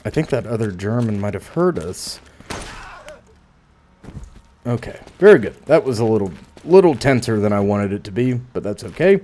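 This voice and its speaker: A man's voice: on the low side, very animated, moderate pace, pauses often, dark tone, a little hiss or hum. A man casually commentating as he plays a video game, musing aloud with dry asides. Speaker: gameplay commentator. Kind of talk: casual let's play commentary.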